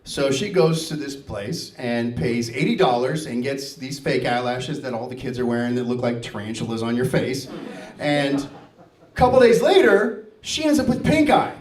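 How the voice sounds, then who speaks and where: A man's voice: medium pitch, lively intonation, normal speed, darkish tone. A man in his fifties doing a standup comedy set on stage, telling family stories and acting out the dialogue. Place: stage before a live audience. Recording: echoey venue, mic heard from a distance.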